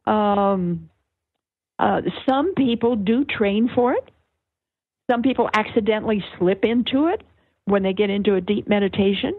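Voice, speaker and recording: An older woman, a guest author on an interview, explaining things in a slow, searching way with many fillers and restarts over a phone line. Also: mid-range voice, no echo. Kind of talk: reflective conversational explanation. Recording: tinny phone-line sound.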